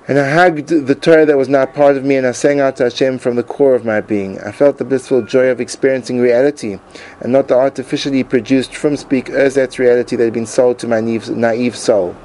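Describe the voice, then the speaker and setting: A man and Torah teacher reading his own personal essay aloud in an earnest, emotive way with dramatic pauses. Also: mid-range voice, a little mellow, low-quality recording.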